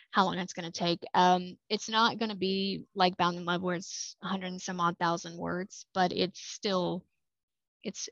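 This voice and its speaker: A woman's voice: fairly low pitch, creaky, a bit bright, no room sound. Woman author guest, rambling and friendly, slightly dull remote audio. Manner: chatty, many fillers and quick laughs. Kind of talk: casual podcast interview. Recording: dry, slightly muffled remote mic.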